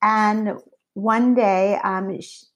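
Middle-aged woman, guest storyteller, animated and warm, medium pitch. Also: extremely slow. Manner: lively, animated storyteller with laughs. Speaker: company founder, guest. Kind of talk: conversational storytelling.

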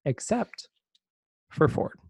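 A man's voice: slow pace, darkish tone, dry recording, studio quality. A man co-hosting a podcast, casually recapping a TV episode and acting out the characters' lines as he goes. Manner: chatty, retells scenes by acting out quotes. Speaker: podcast co-host.

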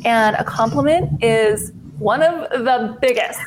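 A woman's voice: fairly high pitch, unhurried, background noise. A woman in her thirties, a guest in an interview, speaking candidly and upbeat with trailing restarts. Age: 30s. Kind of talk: casual interview conversation.

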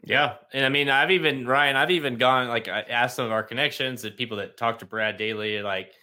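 Bright-voiced casual male podcast host. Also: medium pitch, a little fast. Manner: loose, rambling with many fillers. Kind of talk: casual chat.

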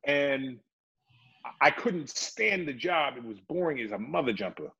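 A man's voice: medium pitch, expressive, a little slow, creaky, bright, forceful tone, husky, poor audio. A middle-aged man, an actor, chatting animatedly in an interview and slipping into voices as he tells stories. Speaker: actor and guest. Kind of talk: casual interview storytelling.

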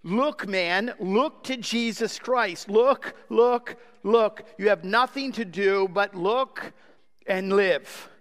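A man's voice: high-pitched, measured pace, a bit bright. A man voicing a plain-spoken, homespun lay preacher who urgently pleads with his listeners. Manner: urgent, repetitive exhortation. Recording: long hall reverb.

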